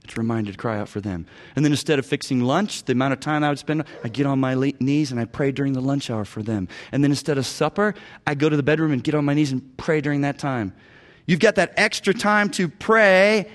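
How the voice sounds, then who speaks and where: A man with a fairly high voice preaches on counseling in an emphatic way. He swings from loud urging down to hushed, low phrases. He repeats key words for weight. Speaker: pastor teaching biblical counseling. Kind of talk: preached teaching talk.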